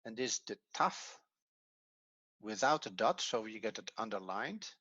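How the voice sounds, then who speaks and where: A middle-aged man teaching a grammar lesson, explaining slowly and step by step, a non-native English speaker whose first language is Dutch. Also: lowish voice, expressive, sharp tone, no room sound, muffled recording. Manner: slow, methodical explaining step by step. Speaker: Hebrew teacher.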